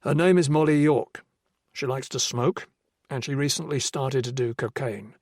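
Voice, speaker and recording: A former police officer turned investigator speaks firmly and evenly, pressing for answers without raising his voice. A man reads him at a mid pitch in a crime audiobook, recorded dry. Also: normal speed, a little mellow, no echo, lightly acted. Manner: firm, level and persuasive.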